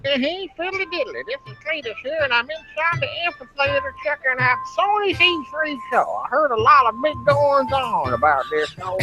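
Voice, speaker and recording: A rowdy, vulgar hillbilly rambles in a folksy drawl, as a man puts him on. His talk is crude and loose, with music clearly playing behind. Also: extremely high pitch, expressive, moderate pace, hardly any pauses, pitched above the performer's own voice, low-quality recording. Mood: mocking.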